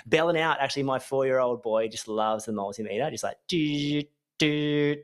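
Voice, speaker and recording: A man's voice: mid-range voice, fast talker. An Australian man in his thirties, a business coach hosting a solo podcast in a chatty, rambling, upbeat way, often correcting himself. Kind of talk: casual solo podcast talk.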